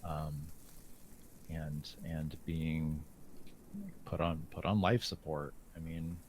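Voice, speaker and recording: A man talking as an interview guest in casual conversation, halting, with many restarts and fillers. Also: rumbling low, level tone, a little mellow, slight background noise.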